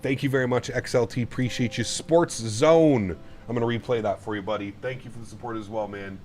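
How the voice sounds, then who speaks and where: A man with a medium-pitched, slightly mellow voice talks briskly while streaming a flight simulator. He chats with viewers in a rambling, easygoing way, laughing often, in a casual livestream.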